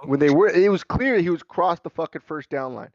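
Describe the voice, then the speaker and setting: A man's voice: a little high, expressive, brisk, no echo, highs cut off. A young man co-hosting a casual sports podcast, talking bluntly and sounding irritated. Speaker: podcast co-host.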